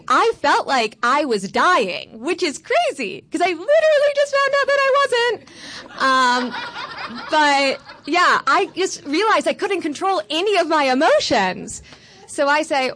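A woman's voice: sits high, big pitch swings, unhurried, a bit bright. A woman in her twenties from Florida, telling a personal story on stage with a candid, wry, self-mocking manner. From Florida, USA.

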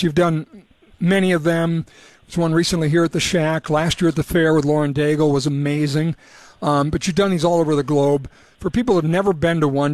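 Broadcasting a radio talk show on location, a man chats casually and rambles a little at an indoor event in a city hall. His voice is fairly high-pitched with a darkish tone, recorded with no echo.

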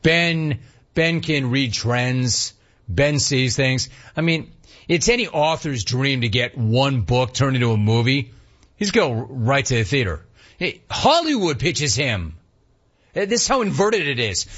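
Husky guy on talk radio, riffing fast and reading emails, kinda dull lo-fi sound. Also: a little high. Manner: animated, riffing, mock-incredulous. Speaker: radio host.

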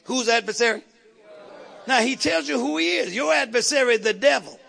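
A man's voice: extremely high pitch, moderate pace, creaky, bright, forceful tone, a faint crowd. A man preaching a fiery sermon, calling out to the congregation and repeating words for emphasis.

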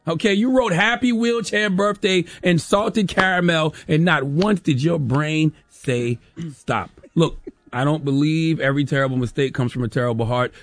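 A man hosting a radio show, giving comedic commentary in a mocking voice that swings from low asides to high shouted impressions. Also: moderate pace, no room sound.

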